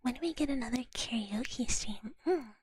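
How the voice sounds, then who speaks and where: A woman streamer whispering in a soft, giggly, chatty way as she talks with her chat during a live ASMR stream, in a whispered role-play. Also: on the high side, normal speed, breathy edge, no echo, poor audio.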